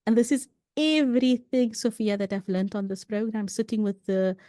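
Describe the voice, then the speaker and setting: A woman with a mellow, warm voice talks earnestly as a podcast guest and tells personal stories in a loose, conversational way. She often restarts her sentences and drops in "you know." The recording is dry and close, with no room sound. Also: a little high, normal speed, no echo.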